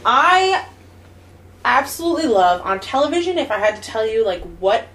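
A woman's voice: a little high, very animated, normal speed, fairly bright tone, reverberant, low-quality recording. A woman with a New Jersey accent co-hosting a radio show, chatty and gushing, with lots of "like". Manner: chatty, gushing, says "like" a lot. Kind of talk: casual chat.

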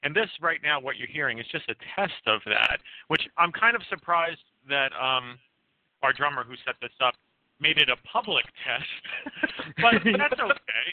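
A man's voice: a little high, sing-song, moderate pace, no echo. A man, a band member co-hosting a casual podcast, explaining things at length in an easygoing way. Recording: tinny phone-line call-in audio.

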